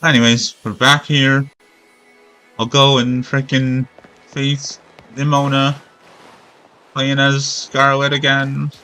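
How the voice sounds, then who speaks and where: Guy chatting while streaming a game, rambly and sarcastic, swears, bright tense tone. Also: medium pitch, monotone, takes it slowly, long pauses, low-quality recording. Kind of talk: casual gameplay commentary.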